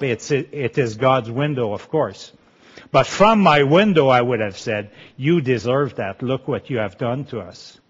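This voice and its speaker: A man's voice: mid-range voice, breathy edge. Quebecois-accented man giving earnest testimony. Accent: Quebecois French. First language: French. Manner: earnest, halting, with restarts and pauses. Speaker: speaker giving a Christian testimony. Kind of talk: personal testimony talk. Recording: dull lo-fi sound.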